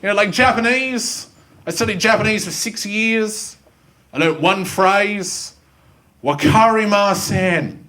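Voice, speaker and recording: A young Australian man doing a self-mocking stand-up comedy set, animated and full of silly voices, in front of a live school audience. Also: high voice, unhurried. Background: faint audience ambience and laughter.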